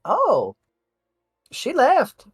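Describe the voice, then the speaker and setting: A woman's voice: high voice, wildly swooping pitch, extremely slow, faint music behind. A woman narrating as game master of a tabletop role-playing game in a playful, laughing way.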